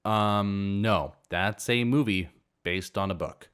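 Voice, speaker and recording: Narrator as a firm, fed-up homeowner woman in a story reading, slow and deliberate. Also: on the low side, fairly bright tone, clear, resonant tone. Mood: exasperated. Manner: firm, exasperated.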